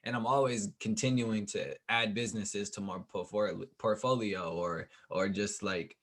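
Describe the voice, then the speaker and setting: A man's voice: lowish voice, moderate pace. A man hosting a podcast, sounding a little tired, chatting casually and repeating his words. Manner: relaxed, repeats words, laughs often. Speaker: podcast host.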